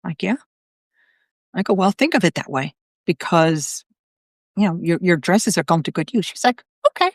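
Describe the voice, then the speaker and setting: A middle-aged woman, a psychic medium, talks on her live video in a loose, chatty way. Her voice sits low and sounds dry, with no room around it. She fills her story with ums and quoted back-and-forth. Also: normal speed, pauses often, no room sound. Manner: chatty, retells conversations with quoted voices, many fillers. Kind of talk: casual storytelling on a live stream.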